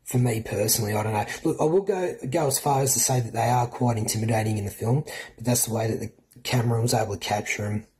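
A man's voice: mid-range voice, fast talker, warm tone. A man with an Australian accent giving a casual, profanity-laced film review as a podcast co-host. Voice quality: swears freely, loose and chatty.

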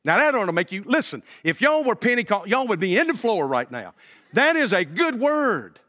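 A man preaching a sermon as pastor, emphatic and swinging between loud and hushed delivery. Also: high voice, very animated, moderate pace. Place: church sanctuary. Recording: long hall reverb.

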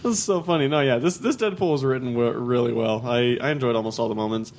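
A man's voice: mid-range voice, fast talker, darkish tone, a little hiss or hum. A man hosting a casual chat, upbeat and playful, laughing often.

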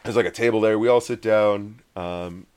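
A man telling a long story in casual chat, rambling and animated, often acting out what others said. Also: on the low side, normal speed, smooth. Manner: rambling, animated, acts out quoted voices.

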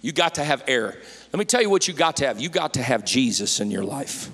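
A man's voice: mid-range voice, sing-song, a little fast, breathy edge. Fervent preacher man in a big hall. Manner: preaching with rising fervor, folksy asides and shouted peaks. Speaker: pastor. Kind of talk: Pentecostal-style sermon. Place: church sanctuary.

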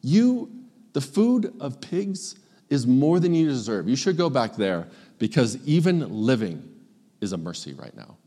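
A man's voice: medium pitch, very animated, measured pace, warm tone, long reverb tail, pitched above the performer's own voice. A man acting out a resentful older brother in a sermon, in heated, accusing outbursts and pleading speech. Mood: furious, accusing.

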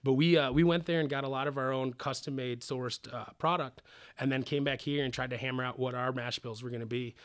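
Brief: man, distillery founder, relaxed interview storyteller, animated and loose, swears casually, emotional streak. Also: medium pitch, brisk.

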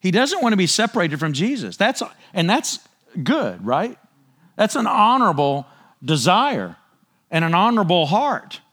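High-voiced man preaching conversationally. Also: moderate pace. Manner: animated, acts out the disciples' voices, swings pitch widely. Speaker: Bible teacher. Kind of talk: conversational sermon.

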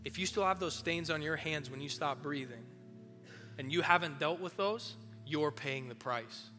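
A youth pastor preaching a sermon in a casual, animated way, talking straight to the room. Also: male voice, on the high side, moderate pace. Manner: animated, casual, direct address. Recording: long hall reverb, faint music.

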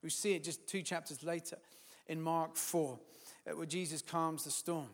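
A man preaching a sermon, building to loud, emphatic peaks and then dropping to quiet, firm words. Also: fairly high pitch, fairly even intonation, normal speed, long reverb tail.

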